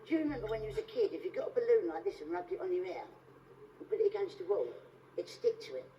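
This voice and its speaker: Squeaky-voiced man doing stand-up. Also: wildly swooping pitch, warm tone, slight background noise. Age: 30s. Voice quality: very high squeaky voice. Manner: chatty, cheeky, quick-fire jokes to the audience. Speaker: stand-up comedian. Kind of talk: live stand-up comedy act. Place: theatre stage. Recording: distant, dull live stage recording.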